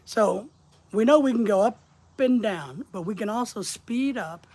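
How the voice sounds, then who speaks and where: A man's voice: high voice, lively intonation, normal speed, a little mellow. A middle-aged man with a slight Southern accent coaches viewers through a casual livestream lesson. He talks in a rambling, plainspoken, conversational way. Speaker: online business coach.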